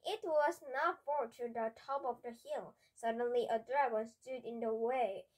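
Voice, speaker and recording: A woman reading a children's storybook aloud, slow and careful with small restarts. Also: fairly high pitch, fairly even intonation, a little mellow, poor audio. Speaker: storybook reader.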